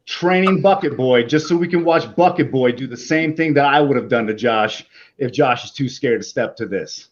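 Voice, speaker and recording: A man's voice: mid-range voice, lively intonation, moderate pace, muffled recording. A man talking as a live stream guest in brash, profane, combative casual chat.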